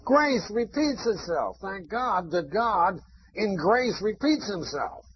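A man's voice: sits high, big pitch swings, takes it slowly, a little hiss or hum. A man preaching a sermon, emphatic and chanting repeated phrases. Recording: dull lo-fi recording.

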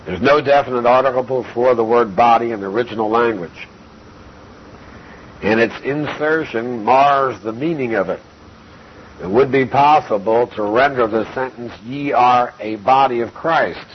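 A man delivers a methodical expository Bible lesson, working through the text verse by verse at an unhurried, measured pace. His voice sits at an ordinary middle pitch. The recording is dull and lo-fi with a faint hiss underneath. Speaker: Bible teacher.

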